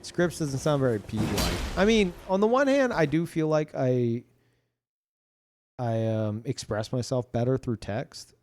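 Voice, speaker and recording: A man talking casually to his live-stream chat, who calls his own voice monotone. He rambles with many fillers and restarts and swears often. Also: mid-range voice, measured pace. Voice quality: self-described monotone.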